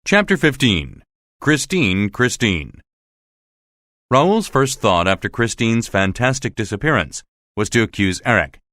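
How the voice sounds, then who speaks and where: A man narrating a graded-reader classic with clear, measured reading. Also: mid-range voice, big pitch swings, fairly bright tone.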